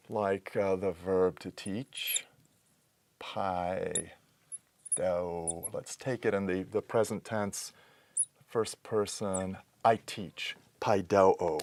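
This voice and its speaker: Methodical male teacher, low voice. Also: a little mellow, no echo. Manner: methodical, explains step by step with small self-corrections. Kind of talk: recorded lecture.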